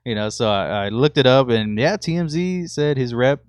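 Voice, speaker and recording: A young man co-hosting a podcast, telling stories in a relaxed, casual chat and laughing easily. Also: medium pitch, moderate pace, smooth, no echo, clean studio sound. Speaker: podcast co-host.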